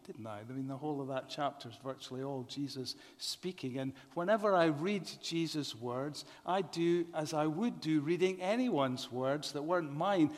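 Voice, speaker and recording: A man preaching a sermon in a measured way, often asking the congregation rhetorical questions. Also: on the high side. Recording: long reverb of a large hall.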